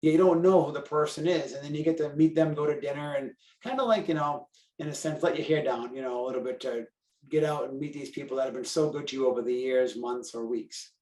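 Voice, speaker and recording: A man's voice: on the high side, fast talker, darkish tone, recorded from a distance. Chatty Boston man in a roomy room. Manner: chatty, self-deprecating, talks in run-on sentences with fillers. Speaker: carwash operator and convention co-chair. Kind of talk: casual podcast chat.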